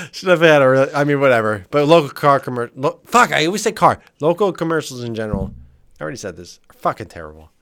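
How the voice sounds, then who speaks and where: Animated, swearing podcast co-host. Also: male voice, mid-range voice, fast talker. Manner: laughs often, profane and animated. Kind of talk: casual comedic banter.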